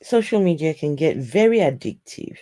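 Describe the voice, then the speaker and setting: A commentary host speaking to viewers in a measured, reflective way. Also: medium pitch, expressive, mellow. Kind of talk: casual commentary.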